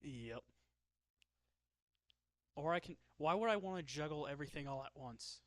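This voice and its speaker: A man's voice: fairly high pitch, lively intonation, normal speed, no room sound. Chatty joking young-sounding man, dry close mic. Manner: joking, self-deprecating, laughs often. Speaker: streamer. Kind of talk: casual chat while drawing.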